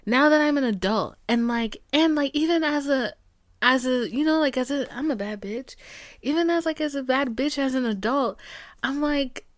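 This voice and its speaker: A woman's voice: fairly high pitch, no room sound, studio quality. A woman in her twenties hosting a podcast, venting in a blunt, profane, heated way, dropping to whispered asides. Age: 20s. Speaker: podcast host. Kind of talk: candid solo podcast talk.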